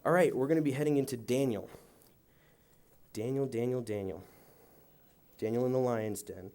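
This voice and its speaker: A youth pastor, young and mid-range in voice, talks fast during a church youth service sermon. He animatedly tells a joke story, playing the different voices, and then prays and reads.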